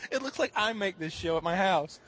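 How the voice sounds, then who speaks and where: A man co-hosting a podcast in casual chat over an online voice call, excitable and quick to laugh. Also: high-pitched, slight background noise.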